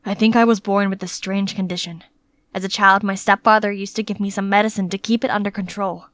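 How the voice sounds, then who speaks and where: A woman voicing a moody, fastidious young male prince in an animated story, snapping out curt commands. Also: mid-range voice, dry recording, close to an everyday voice. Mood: subdued.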